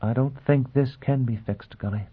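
A male reader voicing a tense, scornful young woman who speaks quietly and cuttingly in an audiobook. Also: mid-range voice, normal speed, husky, voice pushed up, close to an everyday voice. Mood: cold, quiet. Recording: tinny phone-like sound.

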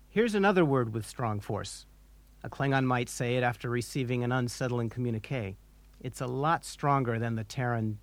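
A man narrating a scripted language lesson, pronouncing harsh guttural words slowly and deliberately for the listener to repeat. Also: mid-range voice, lively intonation, no echo. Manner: slow, deliberate pronunciation drills with harsh guttural sounds. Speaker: language instructor.

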